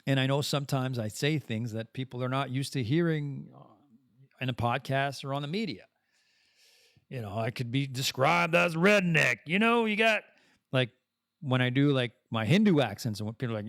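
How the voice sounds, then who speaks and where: A man from Canada hosting a casual podcast monologue, rambling and self-deprecating, with animated swings in his voice. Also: medium pitch, brisk, dry recording, studio quality. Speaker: podcast host.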